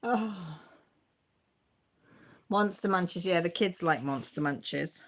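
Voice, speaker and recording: A woman's voice: on the low side, slow. A middle-aged woman, hosting a casual live stream, reading comments and often breaking into giggles. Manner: giggly, self-deprecating, chatty.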